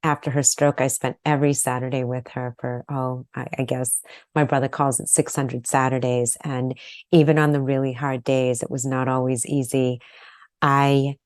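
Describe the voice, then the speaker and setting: A woman's voice: a bass voice, flat delivery, moderate pace, darkish tone, no room sound, clean studio sound. A woman hosting a podcast interview, speaking emotionally and encouragingly. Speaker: podcast host. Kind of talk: podcast conversation.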